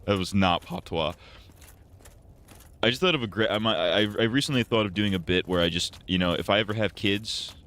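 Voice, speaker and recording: A low-voiced man chats casually while playing a game on a live stream. He rambles from joke to joke and keeps poking fun at himself. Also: a little fast, a bit bright. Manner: rambling, joking, self-mocking.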